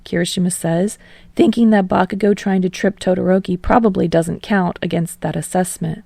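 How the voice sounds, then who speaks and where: Gravelly low woman reading fan fiction. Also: steady tone, normal speed, warm tone, dry recording, clean studio sound. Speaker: podfic reader.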